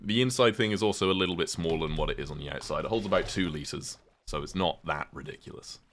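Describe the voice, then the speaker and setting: Deep-voiced man chatting on stream. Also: fast talker, fairly bright tone, a little hiss or hum. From United Kingdom. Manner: rambling, chatty, laughs often at himself. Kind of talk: casual livestream chat while playing a game.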